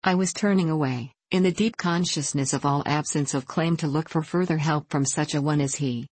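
A woman narrating a classic novel in the first person, with a measured, deliberate reading. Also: low-pitched, a little mellow, breathy edge, no echo, poor audio. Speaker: audiobook narrator.

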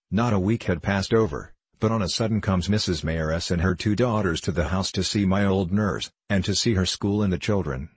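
A man reading an old novel aloud as an audiobook narrator, in measured, even storytelling. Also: deep voice, slightly rough, no echo. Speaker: audiobook reader.

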